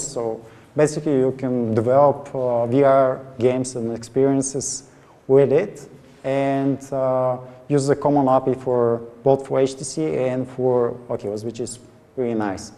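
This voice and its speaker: A man giving a technical talk at a conference, pausing often with filler sounds. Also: medium pitch, warm tone. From Bulgaria. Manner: hesitant, many filler sounds. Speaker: conference speaker. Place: large conference hall. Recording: reverberant hall sound.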